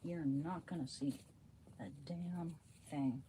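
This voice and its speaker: A young adult woman chatting casually on a late-night livestream from home. She rambles playfully and often drops to a hushed voice so she won't wake her family, speaking into a phone. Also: low-pitched, steady tone, slow pace, slight background noise.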